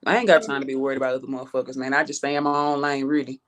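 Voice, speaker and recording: A woman's voice: extremely low pitch, fairly even intonation, rapid-fire. Houston rapper lady w/ a thick southern accent, chill, cusses a lot. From Houston, Texas. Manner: laid-back, slangy, swears freely. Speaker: rap artist guest. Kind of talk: casual interview chat.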